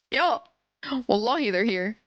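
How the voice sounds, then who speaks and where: A woman's voice: on the high side, fairly bright tone, no room sound, muffled recording. A young woman streaming a game and chatting with viewers, bubbly and apologetic, swearing freely and sniffling from sinus trouble. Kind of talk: casual live-stream chat.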